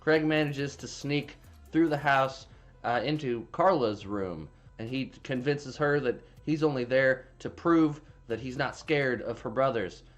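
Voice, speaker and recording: A man's voice: mid-range voice, a little slow, soft background music. A man casually recapping a movie plot, rambling with frequent restarts and plenty of swearing. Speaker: movie reviewer.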